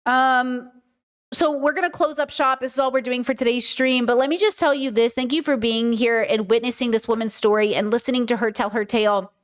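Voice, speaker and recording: A young woman talks straight to her stream audience, pressing each point by saying it again and again. Her voice sits a little on the high side, loose and full of "like" and blunt swearing. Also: fairly even intonation, fairly quick. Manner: emphatic and repetitive, frequent "like" and swearing. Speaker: streamer and podcast host. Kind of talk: casual commentary on a livestream.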